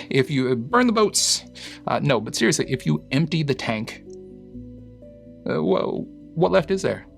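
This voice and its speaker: A man's voice: mid-range voice, gravelly. A man, a psychologist, talking through a clip in a casual explanatory way with lots of fillers. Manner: explanatory, uses fillers and analogies. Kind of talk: reaction commentary.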